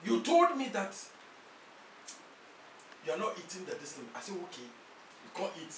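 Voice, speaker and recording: A Ghanaian man acting a pastor husband in a comedy skit, exclaiming loudly and muttering quick prayers. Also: high voice, wildly swooping pitch. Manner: loud exclaiming, switching to rapid muttered prayer. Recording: echoey room, distant mic, faint noise.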